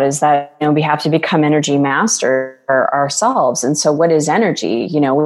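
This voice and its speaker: A woman talks as a guest coach in an earnest, flowing way, now and then acting out the voices of others. Her voice sits a little low, and a long reverb trails behind it. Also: a little mellow. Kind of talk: casual interview talk.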